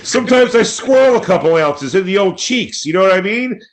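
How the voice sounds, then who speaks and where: A man mimicking a brash woman who loudly proclaims what she loves. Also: high-pitched, expressive, brisk, pitched above the performer's own voice.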